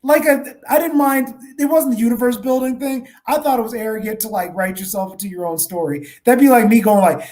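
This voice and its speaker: A man's voice: very high-pitched, expressive, fairly quick, hardly any pauses, a little mellow. A man co-hosting a book club podcast, ranting with lots of swearing and mocking impressions. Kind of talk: casual podcast chat.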